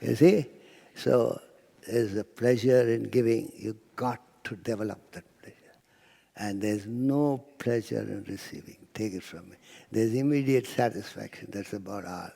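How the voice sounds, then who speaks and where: Gravelly man lecturing in a hall. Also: lowish voice, unhurried, mellow. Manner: storytelling lecturer, acts out quotes, drops to near-whisper. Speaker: spiritual speaker. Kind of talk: philosophy talk to an audience.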